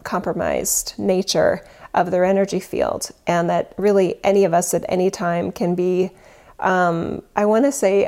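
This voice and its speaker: Low, gravelly woman speaking earnestly. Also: a little mellow. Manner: rambling, self-correcting, earnest and open. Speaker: spiritual teacher and retreat leader. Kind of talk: casual spiritual talk.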